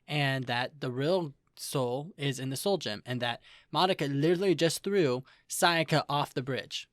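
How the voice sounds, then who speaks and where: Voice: medium pitch, measured pace, no room sound. Young chatty podcast co-host, dry mic. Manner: chatty, filler-heavy, slips into playful quoted voices. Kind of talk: casual chat recapping an anime.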